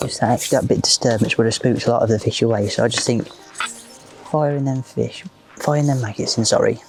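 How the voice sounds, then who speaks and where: Over music, a match angler presents his video with a brisk, gravelly, mid-range voice while fishing at a lake outdoors. His commentary is casual, chatty, and rambling, full of fillers like "just."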